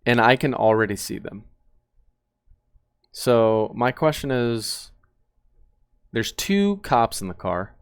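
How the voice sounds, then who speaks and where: A man's voice: medium pitch, lively intonation, slow, pauses often, clear, resonant tone, no room sound, clean studio sound. A man and former police officer giving blunt, profane, analytical commentary on body cam footage.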